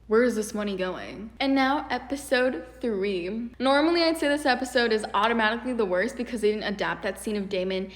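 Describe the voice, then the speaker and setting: A young woman YouTuber giving a casual critique in an animated, exasperated way, with many fillers. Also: fairly high pitch, fairly quick, few pauses. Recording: echoey room with long reverb.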